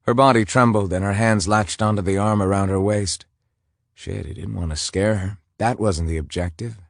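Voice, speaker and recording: A male narrator reads a romance novel aloud in a measured, intimate way. His voice sits very low, and the close, dry recording has no room sound at all. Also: steady tone, gravelly, dry recording. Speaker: audiobook narrator.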